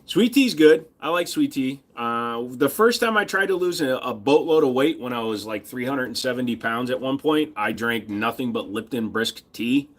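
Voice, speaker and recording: A man chats casually on his livestream, talking back to viewers with crude, profane jokes. His voice sits at an ordinary middle pitch. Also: expressive, moderate pace, hardly any pauses. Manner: crude, profane banter with chat. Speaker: livestream host.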